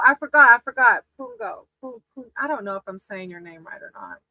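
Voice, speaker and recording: A woman's voice: fairly high pitch, lively intonation, brisk, bright, forceful tone, no echo, rough recording. A woman doing casual live tarot readings for viewers, affectionate and often laughing, calling people sweetie. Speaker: tarot reader on a livestream.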